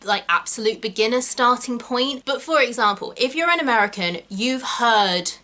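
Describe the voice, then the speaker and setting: A woman's voice: on the high side, animated, moderate pace, bright, forceful tone. A young woman with a Southern English accent from Kent, an actor hosting a casual video lesson with chatty asides and emphatic stress. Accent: Southern English (Kent, Estuary). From England. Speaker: actor and channel host.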